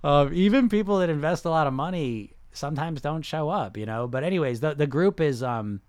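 A man hosting a casual livestream about weight loss, answering viewer comments in an animated, repetitive, salesy way. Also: a little high, a little fast, clean tone, no room sound.

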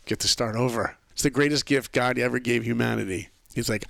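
A man being interviewed on a podcast, telling stories in a lively way and acting out the voices of people he quotes. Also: mid-range voice, fairly quick, gravelly, few pauses, no echo. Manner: animated storyteller who acts out quoted voices. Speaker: podcast guest. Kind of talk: casual storytelling interview.

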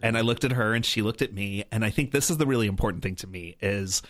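Speaking fast, a fairly low-voiced man tells a personal story as a guest, sounding earnest and reflective and leaning on "like" and "right?" His tone is fairly bright, and the sound is dry and close to the mic.

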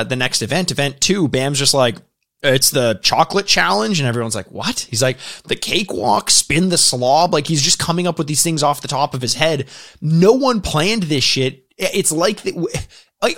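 A Canadian man with a fairly high, slightly bright voice co-hosts a podcast reviewing a show. He chats casually, restarting often, laughing and swearing.

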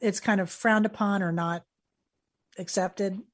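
A woman's voice: mid-range voice, fairly even intonation, a little slow. A woman hosting an interview, engaged and asking her guest follow-up questions. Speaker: host. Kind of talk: interview conversation.

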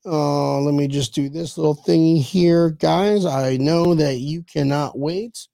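A man hosting a casual sports podcast stream, loud and crude, laughing often as he jokes with his co-host. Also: on the high side, takes it slowly, gravelly, no room sound, clean studio sound. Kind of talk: casual banter livestream.

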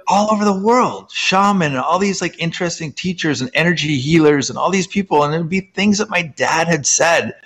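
A man from Canada, a guest author, telling personal stories in casual conversation, animated and full of "like" fillers. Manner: animated, pitch jumping up in excitement; heavy use of "like" as filler.

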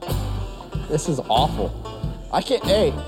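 Male, playful banter, slow delivery, lively pitch, music bed. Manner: playful, self-mocking. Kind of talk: joking banter.

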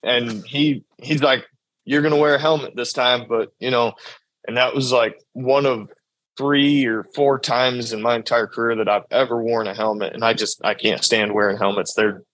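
A man's voice: mid-range voice, fairly even intonation, fairly bright tone, no room sound, rough recording. Casting: young man, rodeo cowboy storyteller, easygoing mid-range voice, dead-dry studio sound. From New York state. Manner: drawn-out storytelling, acts out quoted dialogue. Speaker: bull rider guest. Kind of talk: casual storytelling interview.

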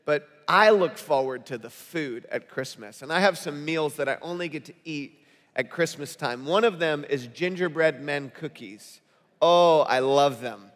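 A man preaching a sermon to his congregation, telling stories in an animated, conversational way. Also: fairly high pitch, normal speed. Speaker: pastor. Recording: long hall reverb.

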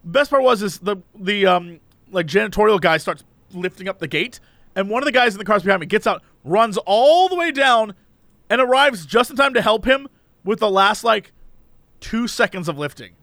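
A young man co-hosting a podcast in casual chat, an animated storyteller who slips into quoted voices. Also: high-pitched, moderate pace, no room sound. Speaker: podcast co-host. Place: Los Angeles area.

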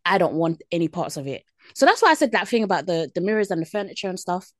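A woman's voice: on the low side, expressive, fast talker, no echo, studio quality. Laid-back woman telling a story. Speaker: podcast co-host. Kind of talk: casual chat.

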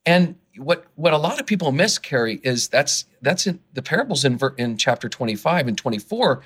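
A man, an author and guest on a podcast interview, who gets excited and worked up as he talks, often restarting his sentences. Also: mid-range voice, fairly quick, breathy edge.

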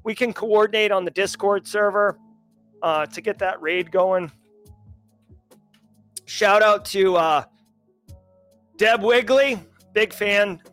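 A middle-aged man with a mild Massachusetts accent hosts a daily cybersecurity news livestream, chatting loosely and jokily with viewers, with lots of "like" and restarts. His voice is high and fairly bright; he speaks slowly and pauses often. Soft music plays in the background.

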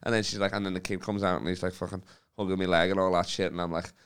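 A man's voice: deep voice, little pitch movement, rapid-fire, a bit bright, clean tone. A young man telling a long story in casual podcast chat, rambling and sweary with lots of fillers, on a faulty microphone. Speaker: comedian guest.

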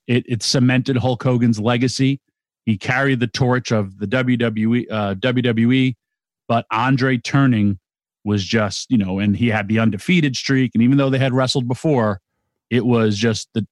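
A man co-hosting a podcast, eager and rambling, tripping over restarts as he tells a story. His voice sits in a middle pitch range. The sound is dry and close. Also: no echo. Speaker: podcast co-host. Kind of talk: casual chat.

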